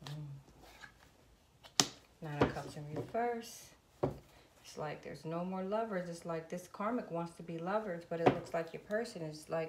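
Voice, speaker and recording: A woman with a lowish voice does a tarot reading on video, talking straight to her viewers and calling on spirit. She swears freely as she goes. The sound is echoey and has loud noise behind it. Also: measured pace. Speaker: tarot reader. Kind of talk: casual tarot reading with prayers. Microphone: phone.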